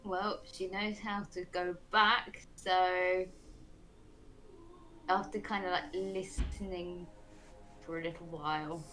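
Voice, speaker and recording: A woman's voice: lowish voice, little pitch movement, takes it slowly, pauses often, a bit bright, rough recording. A woman playing a tabletop game, thinking aloud about her next move. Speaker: player. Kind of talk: casual tabletop game play.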